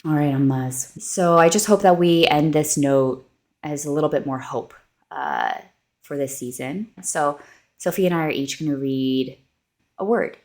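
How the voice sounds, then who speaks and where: Earnest low-voiced woman podcast host. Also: measured pace, darkish tone. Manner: earnest, heartfelt, storytelling with many likes. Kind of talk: faith-based casual chat.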